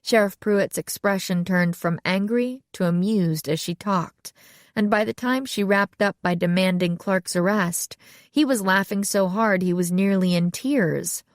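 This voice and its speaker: A woman narrating an audiobook in lively storytelling. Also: medium pitch, unhurried, no echo, studio quality. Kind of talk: scripted narration.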